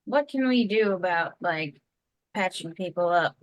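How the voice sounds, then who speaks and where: A woman speaks as a player in a tabletop game, easygoing and checking with the others before acting. Her voice sits on the low side, and the sound is dry and close. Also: expressive, a little slow, no room sound, dull audio. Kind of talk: casual play at the table.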